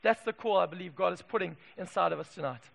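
A man from Zimbabwe preaching a passionate sermon in a church, moving from hushed asides to loud calls. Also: sits high, quick pace, creaky. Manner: passionate, swings from hushed to shouting. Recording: echoey hall reverb.

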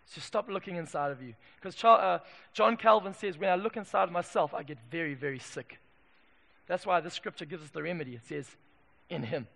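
A man preaching a sermon in a church, swinging from emphatic declarations to quiet asides. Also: sits high, fairly quick, creaky. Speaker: pastor. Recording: long hall reverb.

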